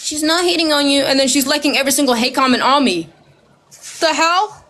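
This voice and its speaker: Woman, social media rant, bright sharp tone, loud, profane, mocking. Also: sits high, brisk. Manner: loud, heated and profane, with sarcastic mimicry. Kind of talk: ranting direct-to-camera video.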